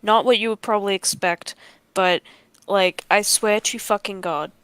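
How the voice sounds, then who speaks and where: A woman's voice: mid-range voice, normal speed, a bit bright, clear, resonant tone, no room sound. A woman hosting a casual streamed chat, talking frankly and swearing often. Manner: frank and heavily profane. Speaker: podcast host.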